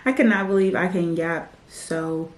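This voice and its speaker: A woman in her twenties vlogging in a casual, chatty way, often breaking into animated rants. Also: on the low side, measured pace. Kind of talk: casual vlog chat. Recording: echoey room, faint background noise.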